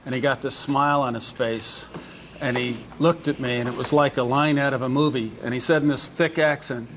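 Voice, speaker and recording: A man speaking to the press as a politician, halting with many fillers. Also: mid-range voice, steady tone, a bit bright, slight background noise. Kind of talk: press remarks.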